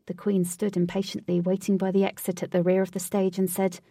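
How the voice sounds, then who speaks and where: A woman narrating a storybook in an even, clear reading voice. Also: mid-range voice, brisk, no room sound, studio quality, far from the mic.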